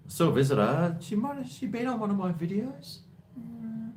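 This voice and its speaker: A man's voice: high voice, big pitch swings, normal speed, a little mellow, slight background noise. An Australian man hosting a live stream from home, chatting in a rambling way and reading viewer comments aloud. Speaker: livestream host. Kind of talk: casual live-stream chat.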